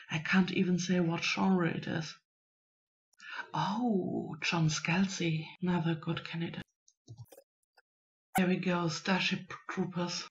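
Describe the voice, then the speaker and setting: A woman thinks aloud in a relaxed vlog, speaking slowly and musing to herself. The recording sounds a little dull and muffled. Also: on the low side. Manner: musing, unhurried, self-talking. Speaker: writing vlogger.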